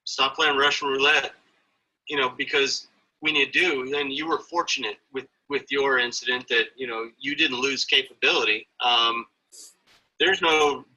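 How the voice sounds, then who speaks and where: Husky-voiced earnest man, bright tone. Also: mid-range voice, poor audio. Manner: earnest, motivational. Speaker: guest, father. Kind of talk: interview conversation.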